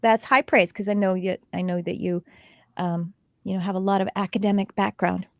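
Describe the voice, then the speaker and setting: A middle-aged woman chatting as host, with a mid-range voice and a dry, close sound. She spins lively anecdotes, acting out everyone's lines. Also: medium pitch, brisk, vocal fry, no room sound. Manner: animated storytelling with quoted dialogue and laughs. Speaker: host, intuitive development teacher. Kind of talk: casual chat.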